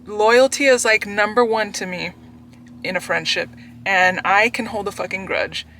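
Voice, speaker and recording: Young woman, bright and sharp in tone, exasperated book vlogger ranting with heavy profanity. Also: mid-range voice, normal speed, slight background noise. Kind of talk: casual ranting book review.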